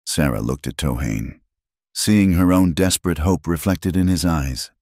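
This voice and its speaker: A man narrating a dramatic story in an expressive way. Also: low-pitched, unhurried, no room sound, studio quality.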